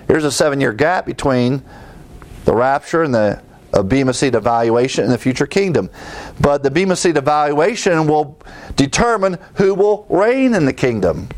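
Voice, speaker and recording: A male pastor preaching a sermon, shifting from explanatory teaching to emphatic, rising exhortations and quizzing the congregation with fill-in questions. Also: fairly high pitch.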